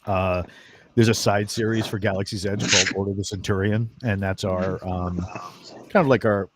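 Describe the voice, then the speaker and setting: A man's voice: deep voice, moderate pace, very noisy. A man guest author on a video call, telling stories in casual chat and acting out his friends' voices. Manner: animated storyteller, acts out quoted friends.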